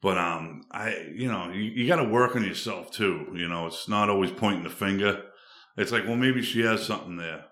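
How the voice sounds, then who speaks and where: A man's voice: deep voice, normal speed, fairly bright tone. A man from the Boston suburbs, a podcast guest, chatting in a rambling, laid-back way with lots of fillers. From Boston suburbs, USA. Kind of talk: casual chat. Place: studio. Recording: roomy echo.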